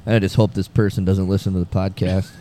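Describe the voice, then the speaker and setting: A man's voice: sits low, flat delivery, quick pace, dark tone, slight background noise. A man casually telling a rambling, profane anecdote to his co-hosts, acting out the other people's voices. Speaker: podcast co-host. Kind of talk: casual storytelling chat.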